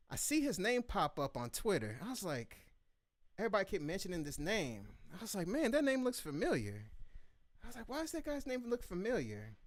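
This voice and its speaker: A man hosting a live beat review show, telling a story in casual chat and acting out the quotes with lively voices. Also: on the high side, no echo, clean studio sound.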